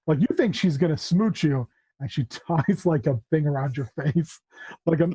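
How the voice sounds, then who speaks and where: A man's voice: fairly high pitch, normal speed, dark tone, breathy edge, no echo, low-quality recording. A man narrating a tabletop game as game master, casually describing scenes and voicing characters. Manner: casual, narrates and voices non-player characters.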